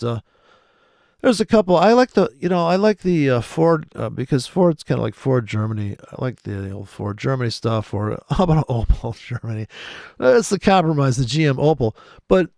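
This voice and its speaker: A man's voice: a little high, gravelly, darkish tone, dry recording, studio quality. A man giving rambling, profane, sardonic commentary over trading charts, muttering asides and often laughing to himself. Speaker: trading video host.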